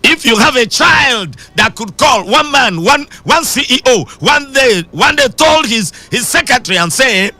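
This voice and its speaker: Bright, lively preacher man. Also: very high-pitched, a little slow, hardly any pauses, no echo, faint music behind. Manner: emphatic preaching that swings between shouting and sing-song. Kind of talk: radio sermon.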